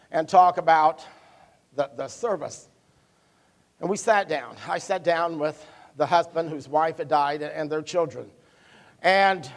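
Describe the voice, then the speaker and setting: A man with a Midwestern American accent, a pastor preaching a sermon and telling a personal story in a folksy, self-deprecating way. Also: high-pitched. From United States. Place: church service.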